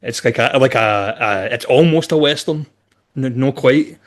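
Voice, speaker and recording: A man's voice: medium pitch, unhurried. A man, a guest on a podcast, talking in a thoughtful, rambling way with many asides. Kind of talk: casual chat.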